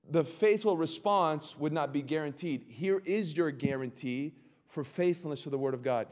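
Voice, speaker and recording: A male pastor teaching a Bible study sermon, impassioned and building to loud, emphatic cries. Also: fairly high pitch. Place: church sanctuary. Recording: long hall reverb.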